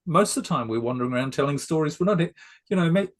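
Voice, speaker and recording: Man coaching in a steady, explanatory voice. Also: a little high, fast talker. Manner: explanatory, gently persuasive. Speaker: success coach, guest. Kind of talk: conversational interview.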